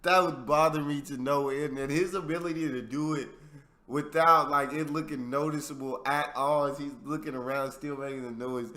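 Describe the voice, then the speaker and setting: Bright-voiced man reacting casually. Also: a little high, steady tone, moderate pace, a little hiss or hum. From United States. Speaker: reaction video host. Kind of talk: casual commentary.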